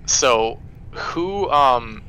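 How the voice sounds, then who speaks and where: A man's voice: medium pitch, expressive, drawn-out words, bright, forceful tone, poor audio. A man in casual gaming voice chat, teasing and leading the discussion.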